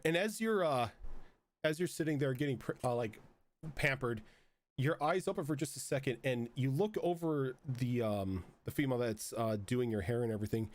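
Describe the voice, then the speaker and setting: Game master man, mid pitch, rambling narration with lots of fillers. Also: animated, normal speed.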